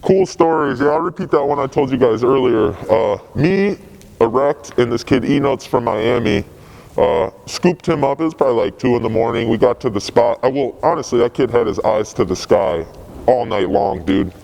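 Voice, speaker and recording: Gravelly laid-back young man. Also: medium pitch, very animated, normal speed, a little mellow, rough recording. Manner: laid-back, profane, rambling. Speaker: graffiti writer. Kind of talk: casual interview storytelling.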